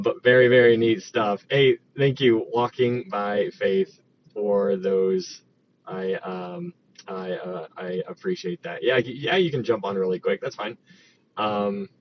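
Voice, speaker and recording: A man hosting a live stream in a casual, upbeat way, greeting viewers by name. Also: lowish voice. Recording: dull lo-fi stream audio with faint noise.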